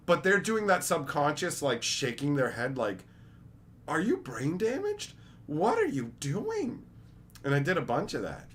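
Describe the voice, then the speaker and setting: Lively joking young male streamer. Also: fairly high pitch. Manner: joking, rambling, profane. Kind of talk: casual livestream chat.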